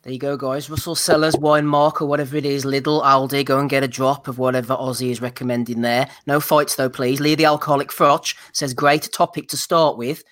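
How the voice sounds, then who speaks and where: Upbeat banter-heavy podcast host. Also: male voice, mid-range voice, little pitch movement, fairly quick, hardly any pauses, fairly bright tone. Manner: upbeat banter, reading out chat comments. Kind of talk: casual live podcast hosting.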